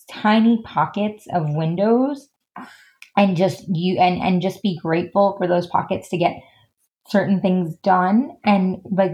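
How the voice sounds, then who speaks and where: A woman's voice: medium pitch, a little mellow. A woman guest in a casual podcast interview, chatty and full of "like" and "um" fillers. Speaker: guest, stylist and designer.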